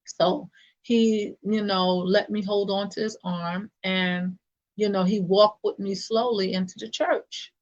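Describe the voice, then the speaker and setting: A woman recounts a personal story in a slow, unhurried way, stopping often with "um" and restarting her sentences. Her voice sits in a middle register and comes through a slightly muffled, lo-fi recording. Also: mid-range voice, fairly even intonation. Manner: halting, with many fillers and restarts. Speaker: church deacon.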